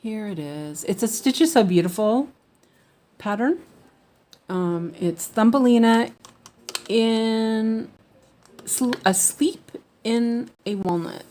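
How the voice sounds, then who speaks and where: A woman's voice: a little high, takes it slowly, long pauses, warm tone. A woman chatting casually while she cross-stitches at home, rambling with lots of fillers and restarts. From United States.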